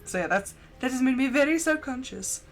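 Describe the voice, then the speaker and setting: A young woman streaming a farming game, chatting fast and casually with a slight lisp and lots of "like". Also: high voice, lively intonation. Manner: chatty, fast, says "like" a lot. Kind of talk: casual chat while gaming. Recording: faint music underneath.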